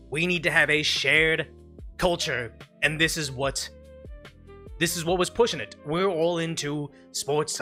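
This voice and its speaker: Forceful bright-voiced male streamer host. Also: on the high side. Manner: emphatic, rambling, restarts mid-sentence. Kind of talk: opinionated live stream commentary reacting to clips.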